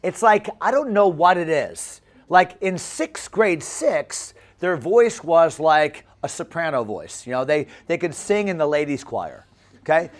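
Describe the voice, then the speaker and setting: A man's voice: a little high, a little slow. A man from the United States, a pastor preaching a funny story sermon and repeating phrases for effect. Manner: animated, comic, repeats phrases.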